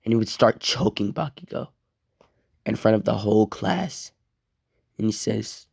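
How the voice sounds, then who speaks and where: A young man rambles through an improvised fan-fiction story, casual and profane. His voice sits lowish and has a gravelly edge. The sound is close and dry. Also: animated, measured pace, pauses often, a little mellow, no room sound.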